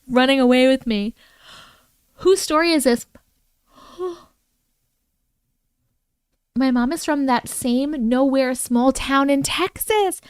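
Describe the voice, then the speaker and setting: A woman hosting a casual livestream, excitable and quick to exclaim at viewers' comments. Her voice sits a little high and comes through smooth and resonant. The sound is close and dry, with no room around it. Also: no room sound. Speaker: livestream host reading viewer stories.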